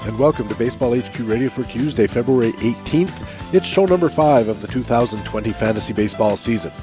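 A man's voice: medium pitch, fast, music in the background. Stuffy-nosed male radio host. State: stuffy nasal voice from a cold. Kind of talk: radio talk show hosting.

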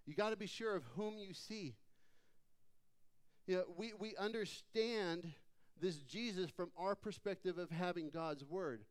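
A male pastor preaching a sermon in a dynamic style, reading scripture and sinking low and soft on key lines. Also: measured pace, smooth.

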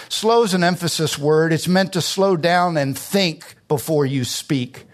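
High-pitched, emphatic preacher. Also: male voice. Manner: emphatic preaching, rising on key words, slowing to stress phrases. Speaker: pastor. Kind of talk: sermon.

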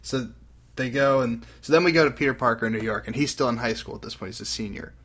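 A young man casually retelling a comic book story on a podcast, animated and slipping into character voices. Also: mid-range voice, quick pace. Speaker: podcast host recapping a comic. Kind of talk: casual chat.

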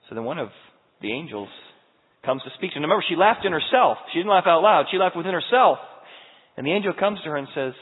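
A man preaching a sermon as pastor, moving between loud emphatic peaks and hushed, tender passages. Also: fairly high pitch, expressive, fairly quick, breathy edge. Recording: tinny, echoey church hall recording.

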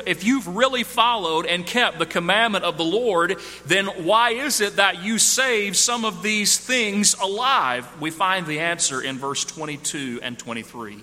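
Male preacher, bright forceful tone, repeats key phrases while reading scripture. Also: fairly high pitch, big-room sound. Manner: reads scripture aloud, repeats phrases for emphasis. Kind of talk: sermon.

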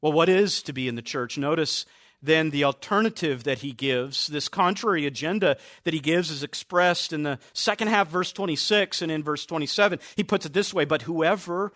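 A man preaching a sermon as pastor, stressing key words with slow, drawn-out emphasis. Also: on the high side, fairly bright tone, dry recording, studio quality.

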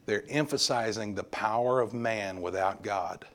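A man's voice: fairly low pitch, a little slow. A male pastor preaching a sermon, emphatic and repeating words for stress.

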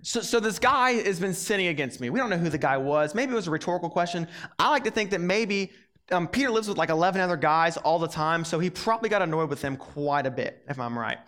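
A young adult man giving a casual, animated sermon, telling the story in a lively way and acting out its characters. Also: on the high side, fast talker. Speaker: preacher.

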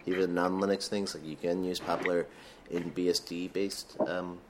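A man co-hosting a tech podcast, explaining technical details calmly and plainly. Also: low voice, moderate pace, background noise. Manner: explains technical details in a calm, matter-of-fact way. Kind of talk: casual tech podcast chat.

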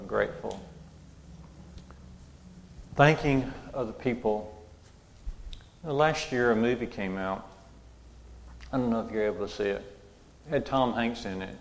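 Gravelly preacher in an echoey hall. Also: male voice, on the low side. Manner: conversational, repeats and restarts phrases. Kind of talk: sermon.

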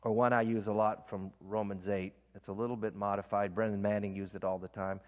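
A man preaching a sermon and leading a slow breath prayer, repeating scripture lines in a hushed voice. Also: on the low side, level tone, dull audio. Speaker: pastor. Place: church sanctuary. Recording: long church reverb.

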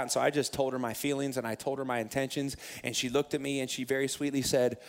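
A man in his thirties, a pastor telling a personal story in a sermon, animated and self-mocking, acting out his own past lines. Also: medium pitch, fast talker, hardly any pauses.

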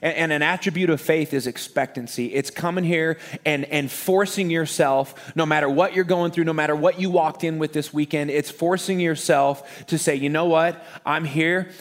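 A man, a pastor preaching to a live church congregation, joking and lively with the crowd and turning quiet and earnest when he prays. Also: fairly high pitch, moderate pace, few pauses. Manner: energetic, joking crowd warm-up, then quiet earnest prayer. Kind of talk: sermon.

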